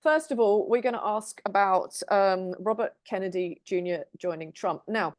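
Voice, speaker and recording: A woman's voice: mid-range voice, moderate pace, a little mellow, no echo. A British woman co-hosting a tarot chat show, talking casually with plenty of ums and restarts. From Britain. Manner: chatty, many ums and restarts. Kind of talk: casual group chat, introducing topics.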